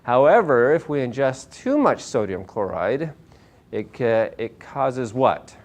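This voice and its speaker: A man's voice: mid-range voice, slow. A man giving a casual health talk to a small live audience, upbeat and a bit hyper, firing questions at the listeners. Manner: energetic, asks the audience questions, self-described hyper. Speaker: chiropractor giving a nutrition talk. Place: small meeting room with an audience.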